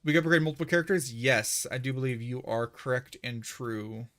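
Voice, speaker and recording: A man streaming a video game live, chatting casually in a rambling, excitable way with frequent restarts. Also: medium pitch, fairly quick, soft background music. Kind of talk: casual livestream chat while gaming.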